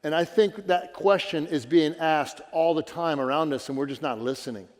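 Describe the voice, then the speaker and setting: A man's voice: a little high, normal speed. A man preaching a sermon as a pastor in a church, earnest and conversational, asking his listeners questions. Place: church sanctuary. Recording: church hall reverb.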